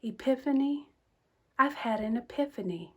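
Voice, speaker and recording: A woman's voice: fairly high pitch, expressive, normal speed, a little mellow, natural voice. An actress playing a flamboyant, flirtatious woman larper who sprinkles French phrases into her theatrical talk, in a comedic video-call sketch. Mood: showy.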